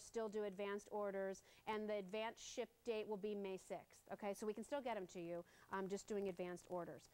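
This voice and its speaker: Gushing woman selling jewelry on air. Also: medium pitch. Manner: gushing, excited selling with playful asides. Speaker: home shopping host. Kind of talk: live shopping channel sales pitch.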